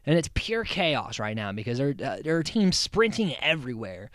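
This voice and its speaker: A man's voice: mid-range voice, very animated, normal speed, fairly bright tone, dry recording, studio quality. A man hosting a casual recap podcast, rambling and amused, with many restarts and frequent laughs. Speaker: podcast host.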